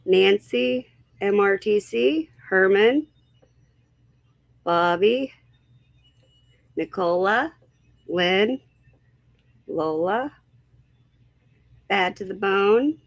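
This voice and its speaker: A woman hosts a casual livestream at an unhurried pace, greeting her viewers by name one after another. She talks with a slightly unsure, easygoing manner. Her voice is dry and close, with no room sound around it. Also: mid-range voice, animated, vocal fry, no room sound, dull audio. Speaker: livestream host.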